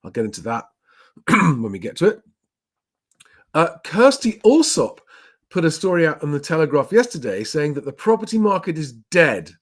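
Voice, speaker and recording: A man's voice: a little high, sing-song, normal speed. Chatty rambling male host. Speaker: property channel host. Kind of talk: casual live commentary.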